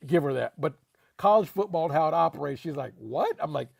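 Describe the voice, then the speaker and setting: A man with a slightly higher, gravelly voice chats loosely about sports and keeps coming back to the same points for emphasis. The sound is dry and close, with no room around it. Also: quick pace, dry recording. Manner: animated, laughing, emphatic repetitions. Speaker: podcast co-host. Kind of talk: casual sports talk.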